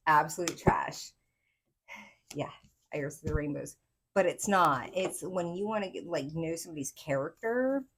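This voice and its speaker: A woman with a Southern accent giving a casual pick-a-card tarot reading, excitable and rambling as she talks to her viewers. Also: fairly low pitch, normal speed, slight background noise. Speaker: tarot reader.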